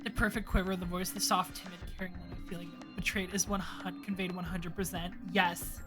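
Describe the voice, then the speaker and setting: A young woman streamer giving emotional let's play commentary, moving between loud wails and low murmurs, swearing freely. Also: flat delivery, a little fast. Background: lofi music.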